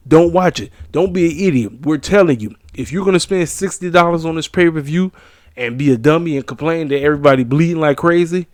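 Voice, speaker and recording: A man's voice: medium pitch, a little mellow, dry recording, clean studio sound. A tired man yawning late at night, hosting wrestling predictions in an emphatic, slangy casual chat that repeats points for emphasis.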